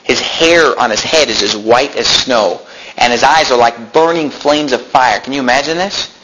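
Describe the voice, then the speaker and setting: A pastor preaching a sermon in a church, explaining scripture with rhetorical questions and folksy asides. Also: male voice, medium pitch, normal speed, noisy background.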